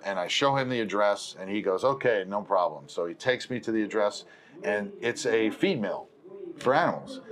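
Man telling a rambling anecdote. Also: fairly low pitch. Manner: rambling, self-correcting, acts out quoted dialogue. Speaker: film producer. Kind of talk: conversational storytelling.

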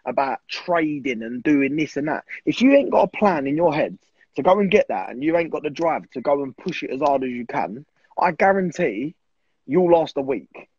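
A young man talks in a blunt, fired-up way, swearing freely. His voice is slightly high and husky. The recording sounds dry and a little dull. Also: lively intonation, moderate pace, darkish tone, dry recording. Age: 20s. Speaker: guest. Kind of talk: casual podcast chat.

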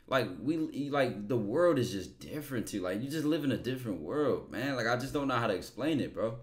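Man streamer, lively and emphatic, riffing to chat between clips. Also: mid-range voice, normal speed. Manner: emphatic, repeats himself, talks to chat. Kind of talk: casual reaction chat.

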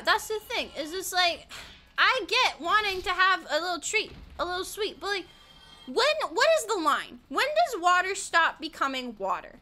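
A young woman from the American South talks with a high, bright voice that swoops up and down as she chats with her stream audience. She rambles, swears often and breaks off with sudden yelps while she plays. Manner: chatty, animated, swears freely, yelps at the game. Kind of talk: casual chat while gaming.

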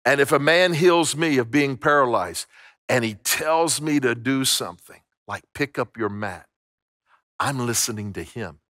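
A man's voice: medium pitch, moderate pace, bright, forceful tone, no room sound, studio quality. A middle-aged man preaching a sermon as pastor, emphatic, repeating phrases and restarting words. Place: church sanctuary.

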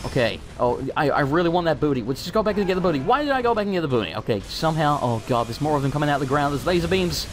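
A man giving excited gaming commentary, swearing and bursting out in panic as he plays. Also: fairly high pitch, rapid-fire, few pauses, background noise. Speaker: let's play host.

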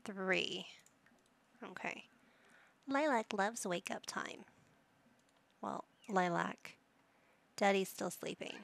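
A woman's voice: mid-range voice, slow pace, gravelly, long pauses, fairly bright tone. A woman giving casual commentary while playing a life-simulation game, chatting to the characters and reading options aloud. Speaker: gaming YouTuber.

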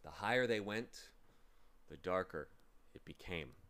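A man reading a children's novel aloud with slow, dramatic narration. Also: low-pitched, lively intonation, a bit bright. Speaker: reader. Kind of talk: storybook reading.

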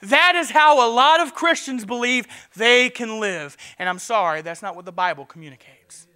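High, bright-voiced impassioned preacher man. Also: moderate pace, smooth. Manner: impassioned preaching, swings from loud urgency to quiet; stammers and restarts. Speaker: pastor. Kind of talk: sermon.

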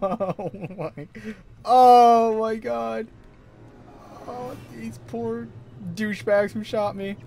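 High, jumpy male horror game streamer. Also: fairly even intonation, very slow, vocal fry, darkish tone. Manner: jumpy, yelps and nervous laughter. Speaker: gaming streamer. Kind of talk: horror let's play commentary.

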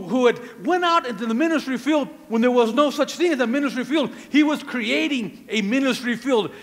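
Male pastor mid-sermon: high, gravelly voice, swings from hushed to shouting, long church reverb. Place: church sanctuary.

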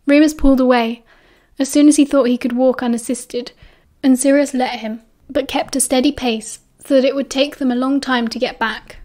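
A woman with a British accent narrating an audiobook in a calm, even storytelling manner. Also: high voice, normal speed, hardly any pauses.

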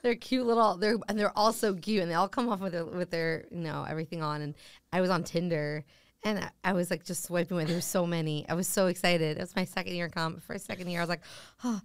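A woman's voice: fairly low pitch, quick pace, smooth, no room sound. A woman in her thirties, a comedian guest, telling stories in casual podcast chat and acting out the voices of people she quotes. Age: 30s. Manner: animated, acts out quoted voices.

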